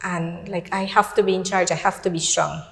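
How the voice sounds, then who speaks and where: A woman's voice: lowish voice, steady tone, normal speed, creaky, a bit bright, reverberant, in a large hall. A middle-aged woman with a Belizean accent telling a personal faith testimony on a talk show, recounting events through quoted dialogue. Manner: earnest, storytelling with quoted dialogue. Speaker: guest.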